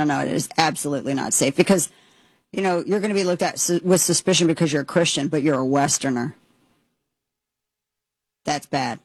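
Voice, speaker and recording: A woman's voice: fairly low pitch, no echo, rough recording. An American woman hosting political commentary, emphatic and opinionated, rambling with frequent restarts. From United States. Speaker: commentary host.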